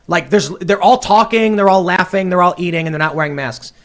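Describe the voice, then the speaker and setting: A man's voice: fairly high pitch, fast, hardly any pauses, fairly bright tone. A man in a studio, talking heatedly about politics, acting out quoted exchanges and rising to indignant outbursts. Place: studio room.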